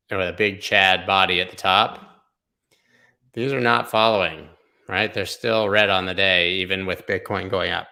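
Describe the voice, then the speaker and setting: A male show host talks through trading charts in a loose livestream ramble, cracking offhand jokes as he goes. His voice sits a little low but comes across bright and pushy, with a punchy edge to every remark. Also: creaky. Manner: rambling, jokey, thinks aloud. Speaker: crypto market analyst host. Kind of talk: casual livestream chart commentary.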